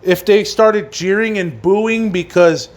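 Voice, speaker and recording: A man's voice: high voice, slow pace. A man hosting a casual solo wrestling review, rambling and swearing, with many fillers and restarts. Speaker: wrestling podcast host.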